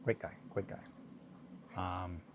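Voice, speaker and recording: Deep and steady, this man speaks slowly over a noisy background. He hosts a casual hobby livestream, chatting about whatever comes to mind while crafting, poking fun at himself and laughing a lot as he works.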